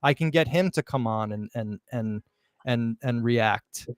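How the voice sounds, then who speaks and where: A man hosting a live podcast, talking excitedly and emphatically, often restarting words mid-sentence. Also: mid-range voice, measured pace, no room sound, studio quality. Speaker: podcast host.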